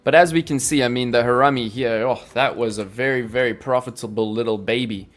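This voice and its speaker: A man's voice: medium pitch, brisk. A man hosting a casual live stream, teaching chart reading in a playful, jokey, chatty way with lots of fillers. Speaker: crypto trading livestream host. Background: faint background music.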